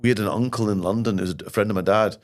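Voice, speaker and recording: A middle-aged Scottish man talking in a fairly low voice and spinning animated stories and jokes. He is a guest in a relaxed podcast conversation, and his Scottish accent is clear. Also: rapid-fire. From Scotland. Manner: animated storyteller, lively anecdotes and jokes. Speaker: podcast guest, comedy writer and actor. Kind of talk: casual interview chat.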